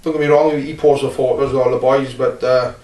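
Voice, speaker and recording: A Welsh man, a wrestler, talking bluntly and rambling with many filler pauses in a casual interview. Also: medium pitch, flat delivery, a little mellow. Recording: roomy, distant mic.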